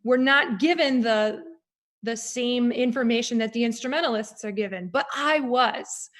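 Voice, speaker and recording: A woman opera singer talking in an interview, animated and reflective, with frequent fillers. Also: fairly high pitch, normal speed. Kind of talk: conversational interview.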